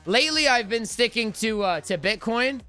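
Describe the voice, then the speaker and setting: A man's voice: extremely high pitch, lively intonation, moderate pace, sharp tone, smooth, faint music behind. A young man hosting a live trading stream, talking energetically and chatting with viewers.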